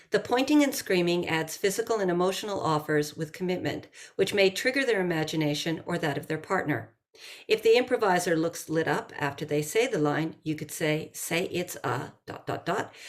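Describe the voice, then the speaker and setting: Woman reading aloud and explaining improv. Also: lowish voice. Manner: lively, acts out quoted lines. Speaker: improv teacher and author.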